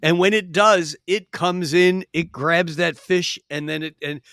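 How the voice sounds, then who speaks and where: Man, podcast guest astrologer, expansive storyteller, frequent restarts, slightly high voice, dry close mic. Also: steady tone, unhurried, fairly bright tone, clear, resonant tone, no echo. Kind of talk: casual podcast chat. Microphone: podcast microphone.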